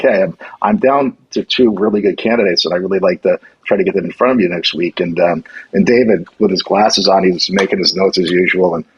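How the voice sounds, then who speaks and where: A middle-aged man chats casually, acting out the people in his stories and restarting his sentences often. His voice is low and strongly husky. The recording sounds dull and lo-fi. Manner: animated storyteller acting out quoted lines, many restarts. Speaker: former hockey general manager, guest. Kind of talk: casual chat, storytelling.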